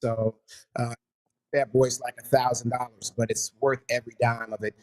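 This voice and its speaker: A man's voice: medium pitch, level tone, normal speed, a little mellow. A man guesting on a casual video call from his upstairs home office, speaking into a studio condenser mic, enthusiastic and slangy. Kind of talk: casual video-call chat about gear.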